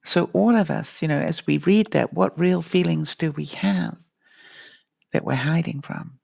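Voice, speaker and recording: Woman life-coach vlogger, very gravelly, dry close sound, encouraging live-stream talk. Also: deep voice, measured pace, darkish tone, no echo. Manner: earnest, encouraging, addresses viewers by name. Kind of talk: live-stream pep talk answering chat.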